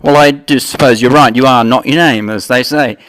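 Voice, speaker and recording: A man's voice: mid-range voice, moderate pace, a bit bright, dry recording, rough recording. A man with an Australian accent hosts a mock talk show in a rambling way, full of fillers and trailing sentences. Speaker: host.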